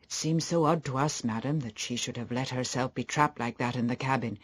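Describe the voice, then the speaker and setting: A man's voice: medium pitch, brisk, close to an everyday voice. A man voicing an old, devoted butler in an audiobook, polite and deferential. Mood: respectful.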